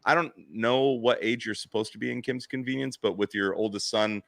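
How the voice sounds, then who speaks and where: Bright, joking middle-aged male host. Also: on the low side, brisk, creaky, no echo, clean studio sound. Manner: joking, animated, teasing. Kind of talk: casual interview.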